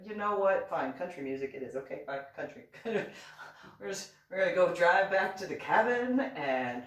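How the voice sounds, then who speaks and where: Woman storyteller, slightly low voice, animated and laughing, acts out the dialogue, recorded in an echoey room away from the mic. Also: normal speed, recorded from a distance. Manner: animated, acts out both sides of dialogue, laughs often, many restarts. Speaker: reverend reading and commenting on her diving memoir. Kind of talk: casual storytelling commentary.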